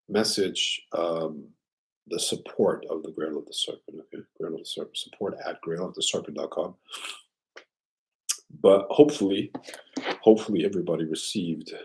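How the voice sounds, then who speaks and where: A man with a very low voice talks at an unhurried, drawn-out pace as he hosts a casual live stream. He keeps things loose and clears his throat often between thoughts. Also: low-quality recording.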